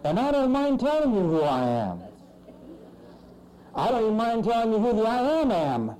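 A male pastor preaching a sermon with emphatic swings in pitch and loudness. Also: big pitch swings, moderate pace, poor audio.

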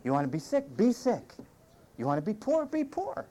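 A man's voice: a little high, big pitch swings, brisk, dark tone. A male pastor preaching a sermon with emphatic, punchy commands and wry humor. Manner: wry humor, mimics whiny complainers.

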